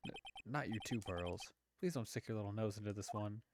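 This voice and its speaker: A man voicing a prim, scolding little girl while reading game dialogue, in a soft, reproachful voice. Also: lowish voice, lively intonation, a little fast, noisy background, pitched below the performer's own voice.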